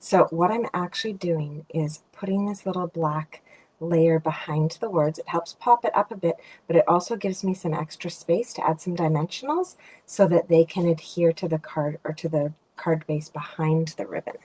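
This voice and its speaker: A woman demonstrating card making, chatting casually and thinking aloud as she works, sometimes dropping to a soft murmur. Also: low-pitched, moderate pace, slightly rough, low-quality recording. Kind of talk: casual craft tutorial narration.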